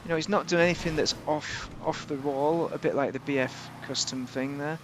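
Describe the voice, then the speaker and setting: A man's voice: a little high, fairly even intonation, brisk, noisy background. Chatty man reviewing a game car. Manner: chatty, rambling, jokey. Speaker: game video host.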